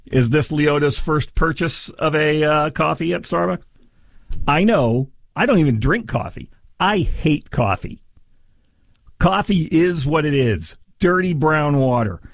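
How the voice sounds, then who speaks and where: A man's voice: fairly high pitch, expressive, unhurried, creaky, no room sound, studio quality. A man hosting a sarcastic commentary on a news story, mocking and exaggerated in delivery. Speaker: commentary host.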